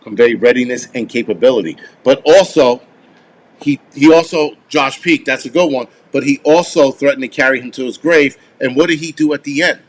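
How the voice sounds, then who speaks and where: This live streamer, a man in his forties, talks fairly quickly in a mid-range voice. He answers viewer comments in an offhand, rambling way, cursing as he goes.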